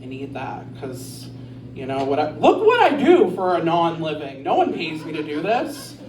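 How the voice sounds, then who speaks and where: In a bar before a live crowd, a female stand-up comic rambles through a crude, self-mocking set on a handheld stage mic. Her voice sits low and is very animated at a normal speed. The distant mic picks up a roomy bar sound and audience laughter.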